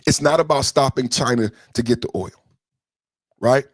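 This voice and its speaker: On a podcast livestream, a male host rants about politics in a combative, profane way, scolding his chat and hammering points home through repetition. His voice is breathy at the edges and moves at a moderate pace with no echo, swinging between loud and low.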